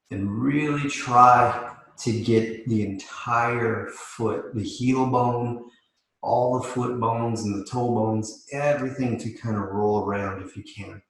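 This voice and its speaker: A man leading a live mobility class as yoga instructor, calmly cueing each step while demonstrating. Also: medium pitch. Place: yoga studio. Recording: echoey room.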